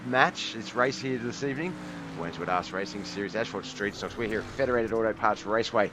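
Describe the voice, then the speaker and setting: A man with a fairly low voice hosts a sim racing stream through a headset and keeps losing his place, muttering and saying sorry. He has the hiccups. A clear, steady noise runs under his voice. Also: brisk. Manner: scattered, apologetic, thinking aloud. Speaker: race commentator and stream host. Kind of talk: live sim racing broadcast commentary.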